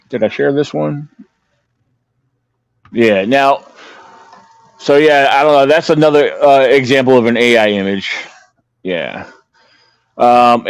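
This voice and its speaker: A man's voice: mid-range voice, no room sound. Rambling man on a dry podcast mic. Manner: rambling, many fillers and restarts. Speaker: podcast co-host. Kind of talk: casual podcast chat.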